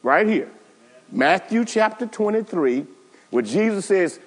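A man's voice: high voice, animated, unhurried, in a large hall. A man preaching a sermon, emphatic, with many stammered restarts and calls out to the congregation.

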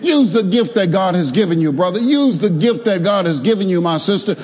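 A male preacher delivers a sermon in a church, his voice sitting a little high for a man. He draws the congregation into call-and-response and then pushes into strong, emphatic exhortation. The sound carries a long reverb from the hall. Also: expressive, brisk, hardly any pauses, darkish tone, husky. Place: church sanctuary.

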